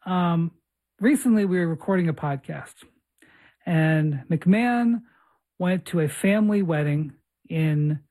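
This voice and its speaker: A man's voice: fairly high pitch, measured pace, darkish tone. A man hosting a basketball podcast remotely, telling a long rambling story in casual chat. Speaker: podcast host. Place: remote location abroad.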